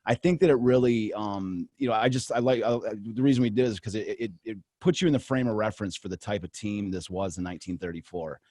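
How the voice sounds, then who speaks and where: A man's voice: on the low side, quick pace, hardly any pauses, mellow, no room sound, clean studio sound. Rambling, enthusiastic male podcast host. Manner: rambling, with many restarts and fillers; enthusiastic storyteller. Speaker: podcast co-host and history researcher. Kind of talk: casual podcast chat.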